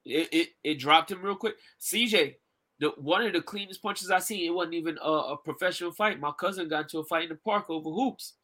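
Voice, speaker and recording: A man co-hosting a podcast in casual chat, an animated storyteller who laughs often. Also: fairly high pitch, a little fast. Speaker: podcast co-host.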